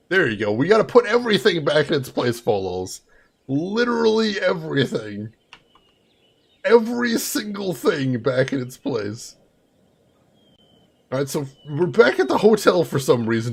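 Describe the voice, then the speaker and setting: Raspy, sarcastic game streamer man. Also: high-pitched. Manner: sarcastic, amused, talks to chat. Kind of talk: let's play commentary.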